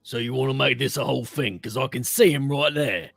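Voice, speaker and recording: A man's voice: mid-range voice, fairly quick, creaky, fairly bright tone, no echo, soft background music. A man playing a hulking male hired bodyguard in a tabletop game, talking in a brusque, pushy way.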